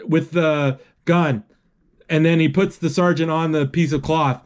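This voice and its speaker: Slightly high-pitched man retelling a movie. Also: darkish tone. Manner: halting, full of restarts and "he's like", sound effects. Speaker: narrator retelling a film. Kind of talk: unscripted play-by-play retelling.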